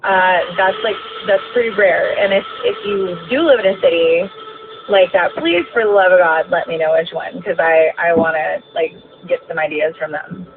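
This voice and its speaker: A woman's voice: on the low side, normal speed, background noise. Ranting woman bus driver, tinny recording. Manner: ranting, swearing, many fillers. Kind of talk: casual storytelling rant while driving. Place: inside a moving bus.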